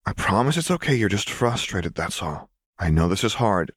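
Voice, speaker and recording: A man doing a gentle, patient young woman. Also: lowish voice, sing-song, normal speed, slightly rough, no echo, clean studio sound. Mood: soothing. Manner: soft, soothing, reassuring. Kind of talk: audiobook fan fiction reading.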